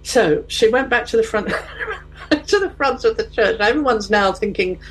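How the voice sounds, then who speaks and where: A woman's voice: a little high, moderate pace, husky, faint music behind, low-quality recording. A middle-aged woman chatting casually, telling a funny anecdote and acting out the people in it. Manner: animated storyteller who acts out quotes. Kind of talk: casual chat, storytelling.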